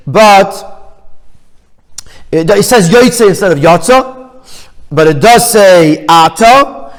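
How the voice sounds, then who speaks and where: High-voiced rabbi teaching in a reverberant room. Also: male voice. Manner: reads Hebrew phrases then explains in English, with restarts. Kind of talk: text study lesson.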